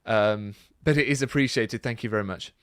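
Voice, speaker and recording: A man hosting a casual Q&A, reading out viewer comments and chatting about them in a relaxed, rambling way. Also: fairly low pitch, fairly quick, clean tone, no room sound, clean studio sound. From Britain. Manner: chatty and relaxed, many fillers and asides. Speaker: YouTube channel host.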